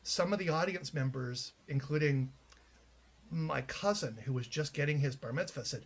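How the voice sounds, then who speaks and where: Chatty man with a higher voice. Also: moderate pace. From Canada. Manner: chatty, anecdotal, frequent restarts. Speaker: playwright being interviewed. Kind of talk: casual interview chat.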